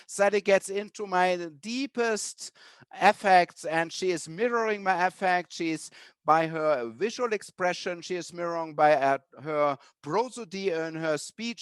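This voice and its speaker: Expressive man lecturing on empathy. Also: fairly high pitch, no room sound. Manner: warm, storytelling, acts out children's and teachers' words. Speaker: webinar speaker.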